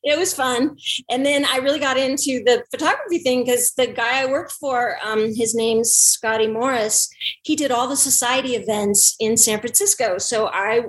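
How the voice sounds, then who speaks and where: A middle-aged woman talks as a guest in a casual interview, bubbly and quick to laugh. Her voice sits fairly high for a woman. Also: low-quality recording.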